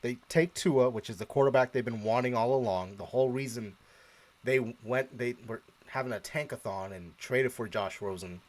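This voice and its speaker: Lively man telling a football story. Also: medium pitch, moderate pace. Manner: animated storyteller who acts out his own past reactions; laughs often. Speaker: co-host of a sports show. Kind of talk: casual live-stream chat.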